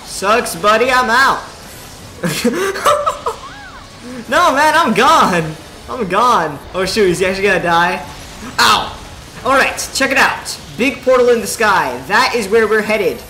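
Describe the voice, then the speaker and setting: Young male gaming host, bright and chatty, mic in a roomy space. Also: sits high, moderate pace, a little hiss or hum. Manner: excitable, chatty, talks to the viewers while playing. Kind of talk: let's play commentary. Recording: roomy home recording. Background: faint game music.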